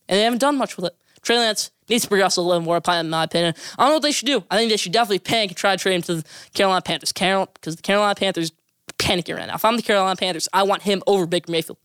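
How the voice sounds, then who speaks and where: A sports podcast host giving opinionated talk segments, with emphatic, forceful predictions. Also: mid-range voice, clean tone, dry recording, clean studio sound.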